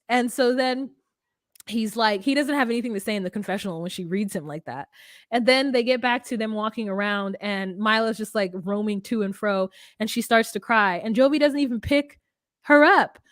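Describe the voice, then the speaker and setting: A woman co-hosting a casual reality TV recap chat, animated and laughing as she acts out the cast's lines. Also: on the high side, moderate pace, no echo, studio quality. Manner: animated, laughing, acting out cast members' lines. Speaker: podcast co-host.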